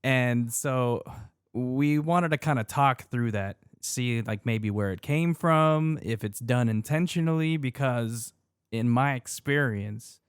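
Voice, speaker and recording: A man's voice: medium pitch, slow pace, smooth, no echo. A man co-hosting a casual podcast, talking at an easy conversational pace. He teases his co-host and laughs often. The sound is dry and close to the mic. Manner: easygoing, laughs often, teasing.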